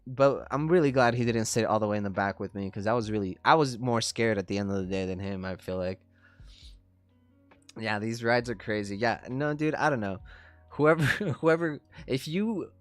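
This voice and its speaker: A man's voice: on the low side, dry recording. A man in his thirties hosting a trading livestream, telling stories in a laid-back, profane way and laughing often. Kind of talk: casual livestream chat.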